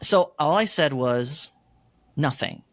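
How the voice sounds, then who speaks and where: A middle-aged man shares a personal story in an interview, his voice sitting a little high. He is recorded close in a dry setting. He acts out the remarks he and others made as he goes. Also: slow pace, no room sound. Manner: animated storyteller, acts out his own quoted lines. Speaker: interview guest.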